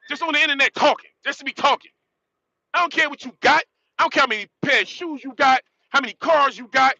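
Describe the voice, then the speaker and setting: A man's voice: very high-pitched, pushed and bright, no echo, poor audio. A man ranting bluntly on a live stream, repeating himself and ending phrases with "man". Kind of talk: casual live-stream rant.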